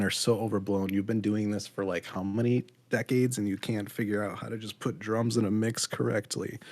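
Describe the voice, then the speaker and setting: A man's voice: fairly low pitch, darkish tone, dry recording. A man co-hosting a podcast, giving a blunt, critical album review in casual chat with frequent ums. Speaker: podcast co-host.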